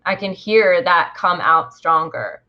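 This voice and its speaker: A woman's voice: lowish voice, animated, takes it slowly. A woman co-hosting a podcast in casual chat, with a mild Southern accent and a hesitant, chatty manner. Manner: chatty, hesitant with fillers and laughs. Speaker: podcast co-host. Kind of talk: casual interview conversation. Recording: dull lo-fi podcast recording.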